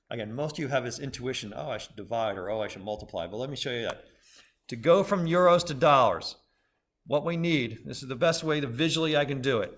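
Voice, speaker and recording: A man teaching a business school class, with a voice of ordinary, middle pitch. He explains step by step in a conversational way and sometimes stops to correct himself. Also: fairly bright tone. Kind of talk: classroom lecture.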